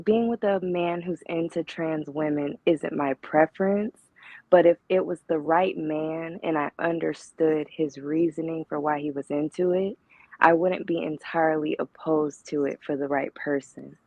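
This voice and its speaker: A woman calling in to a chat show, speaking in a soft, light voice and in a thoughtful way. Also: low voice, no echo, phone-quality sound. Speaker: caller. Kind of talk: casual call-in chat.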